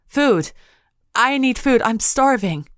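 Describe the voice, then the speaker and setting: A woman's voice: lowish voice, normal speed, clean tone, no echo, studio quality, lightly acted. A woman voicing a scared young witch held captive who pleads in a raised voice. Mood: desperate.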